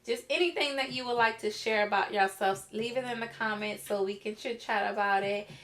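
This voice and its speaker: A woman's voice: mid-range voice, fairly quick, fairly bright tone. A young adult woman vlogging casually to camera, earnest and encouraging as she talks about her life. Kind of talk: casual vlog talk to camera.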